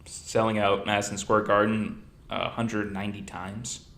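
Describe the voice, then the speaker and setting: A man's voice: lowish voice, a little slow, echoey room. A man hosting a podcast in casual chat, telling stories and joking. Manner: animated storyteller, jokey. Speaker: podcast host.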